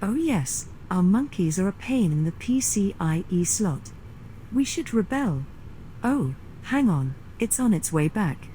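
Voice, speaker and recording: A woman's voice: medium pitch, big pitch swings, a little slow, mellow, a little hiss or hum, rough recording. A woman voicing a sassy ship computer. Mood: flirty. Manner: dry, flirty, sarcastic. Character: sassy female spaceship computer.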